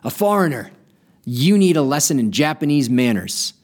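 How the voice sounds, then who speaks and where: A man voicing a big drunk male laborer, belligerent and ashamed, who bellows in rough slang. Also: a little high, very animated, normal speed.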